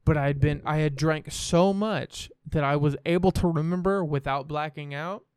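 A young man speaks as a podcast guest in a smooth, clear voice. He is frank and rambling and swears freely. The sound is close and dry. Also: on the high side, moderate pace, no echo. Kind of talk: candid personal storytelling.

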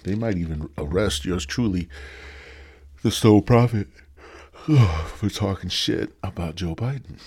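Brief: deep-voiced male podcast host, husky, loose and profane, riffing solo. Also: a little mellow. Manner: rambling, profane, joking. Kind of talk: casual solo podcast monologue.

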